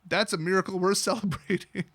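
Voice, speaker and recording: A man's voice: high-pitched, fairly even intonation, brisk, fairly bright tone, no echo. A man voicing a tender female gorgon pirate captain, talking in a soothing, sappy way.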